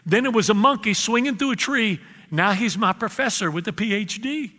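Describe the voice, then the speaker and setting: Pastor guy preaching in a big echoey hall, high bright voice, slows way down to hit his points. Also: expressive. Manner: preacherly, calls out to the congregation, drawn-out emphasis. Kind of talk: sermon. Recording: reverberant hall.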